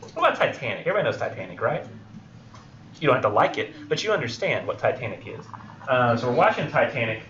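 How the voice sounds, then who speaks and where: A young male college instructor lectures in a roomy classroom, heard through a dull, lo-fi recording with faint room noise. He rambles a little, leans on fillers and slips into quick impressions of film characters. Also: medium pitch, a bit bright. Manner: rambling, filler-heavy, acts out film scenes.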